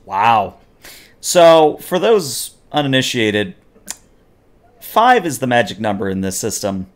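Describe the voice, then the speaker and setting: A man running a tabletop game as game master, narrating the action with animated storytelling and frequent fillers. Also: medium pitch, slow pace.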